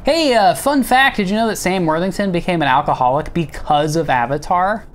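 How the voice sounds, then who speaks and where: A man's voice: sits high, fairly quick. A man hosting a comedy show, ranting sarcastically and rambling while he gets his makeup done. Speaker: host.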